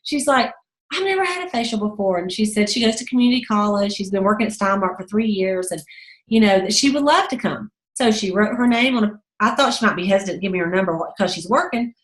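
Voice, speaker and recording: A woman's voice: quick pace, roomy sound. A woman leading a sales team call, telling a story in a chatty way and acting out the voices of others. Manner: chatty storyteller, acts out quotes in a high voice. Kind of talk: motivational team call talk.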